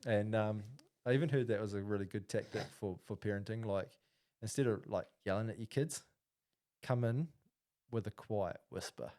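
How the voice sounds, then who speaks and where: A man's voice: fairly low pitch, moderate pace, darkish tone. A man, co-hosting a casual podcast and telling a story with lots of fillers and restarts. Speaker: podcast co-host.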